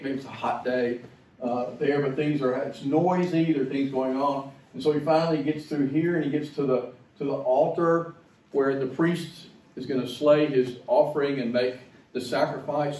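A man's voice: medium pitch, steady tone, normal speed, a little mellow, reverberant, recorded from a distance, poor audio. A male pastor preaching a sermon in a conversational, illustrative way, with asides to the congregation.

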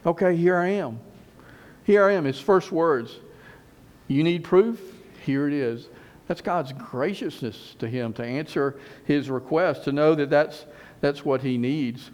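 A man preaching a sermon as pastor, emphatic, repeating phrases and slowing down on key words. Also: medium pitch, darkish tone.

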